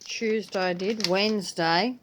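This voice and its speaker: A woman's voice: medium pitch, fairly even intonation, unhurried, slight background noise. An older grandmother, chatting casually in her vlog, rambling and slipping into playful voices when she retells things. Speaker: vlogger. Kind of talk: casual chat.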